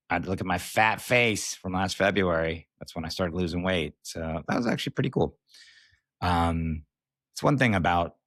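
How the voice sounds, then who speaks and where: A man's voice: sits low, a bit bright, no echo, clean studio sound. An American man and comedian hosting a solo podcast, talking candidly in a rambling, self-mocking way. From United States. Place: recording while on tour away from home.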